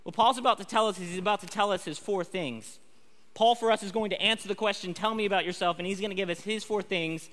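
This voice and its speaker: Energetic bright-voiced man preaching in a hall. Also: sits high, quick pace. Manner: energetic and conversational, lively emphasis. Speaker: chapel speaker. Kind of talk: school chapel sermon. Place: large chapel hall. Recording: long hall reverb.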